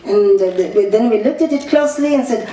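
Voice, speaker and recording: Zimbabwean woman giving an animated speech. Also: on the high side, fairly quick. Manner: animated, mixes English with Shona, frequent restarts. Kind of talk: public speech. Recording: echoey room, voice far from the mic, faint ambience.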